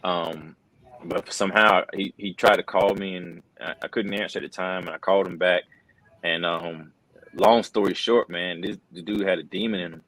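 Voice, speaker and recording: Middle-aged man, very low voice, dry close mic, casual interview, earnest and rambling. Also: steady tone, moderate pace, a bit bright, dry recording, rough recording. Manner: earnest storytelling, lots of fillers like bro and man. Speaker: wrestling commentator.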